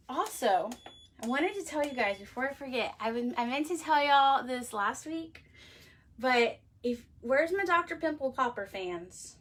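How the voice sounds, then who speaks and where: A woman hosts a casual livestream for her handmade cosmetics show, chatting and rambling, saying "like" constantly and laughing easily. Her voice sits high and a bit bright, with slight background noise.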